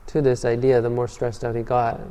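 With a mellow, dark, clear, and resonant mid-range voice, a man teaches meditation in a Buddhist dharma talk, telling stories calmly and a little fast. Restarts and repeated words are frequent, and a long hall reverb follows his speech.

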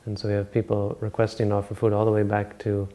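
A man giving an informal Buddhist dharma talk as a monk teacher, rambling and halting with many restarts and self-corrections. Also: lowish voice, completely flat delivery, warm tone.

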